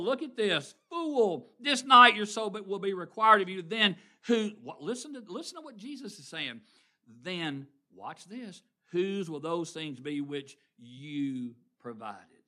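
Man, preacher, call-and-response sermon, loud bursts and quiet asides, piercing bright tone. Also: a little high. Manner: calls on the congregation, swings between loud exclamation and quiet asides.

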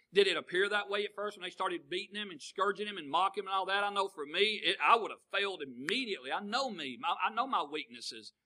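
An older man preaching a folksy sermon, calling out to the congregation and swinging between booming lines and hushed ones. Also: rough recording.

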